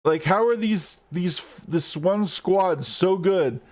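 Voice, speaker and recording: Guy streaming a game, kinda high voice, griping and cussing nonstop. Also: takes it slowly, darkish tone. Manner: frustrated, swearing, rants at the game. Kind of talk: live gameplay commentary.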